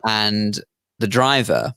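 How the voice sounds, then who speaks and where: A man's voice: lowish voice, lively intonation, slow, pushed and bright, clean tone, no room sound, clean studio sound. A man co-hosting a radio show, chatting casually in a wry, teasing way and telling anecdotes. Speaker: radio co-host. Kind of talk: casual radio chat and storytelling. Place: radio studio.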